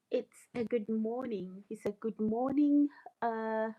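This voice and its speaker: A woman's voice: fairly high pitch, warm tone, low-quality recording. A woman hosting a casual morning live stream, repeating greetings and reading out viewer comments. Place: home, early morning.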